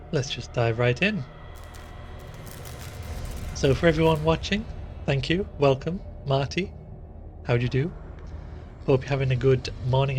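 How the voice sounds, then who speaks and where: A man's voice: mid-range voice, a little mellow, a little hiss or hum. A man casually commenting on a horror game as he plays it live, chatty and easily grossed out, often laughing. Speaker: game streamer. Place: room sitting in the dark.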